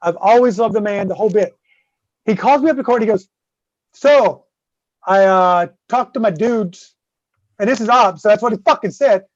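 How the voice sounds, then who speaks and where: Speaking at normal speed with long pauses, a high-voiced man guest-hosts a podcast and tells a drawn-out story peppered with swearing and "right?" checks. The recording is dull and close-mic, with no echo.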